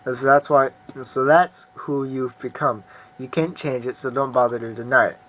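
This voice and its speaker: A man's voice: mid-range voice, steady tone, normal speed, fairly bright tone, natural voice. A man reading the lines of a surly, suspicious young man in a game, curt and sneering.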